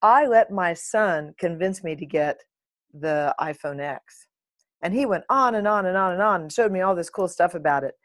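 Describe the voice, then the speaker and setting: A middle-aged woman speaks in a lowish voice, chatting straight to her audience as a vlogger. Her story is lively and animated, full of asides and the odd playful swear word. The recording is close and dry, with no room sound. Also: moderate pace, dry recording. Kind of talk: casual talking-to-camera monologue.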